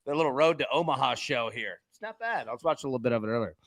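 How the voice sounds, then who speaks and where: A man hosting a sports betting show, talking in a casual, animated, joking way. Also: medium pitch, rapid-fire, no room sound.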